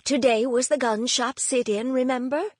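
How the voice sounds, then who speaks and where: A woman voicing a gentle older grandmother with a light Norwegian accent and a sing-song lilt in an audiobook. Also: high-pitched, steady tone, normal speed, no echo, studio quality, pitched above the performer's own voice. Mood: cheerful.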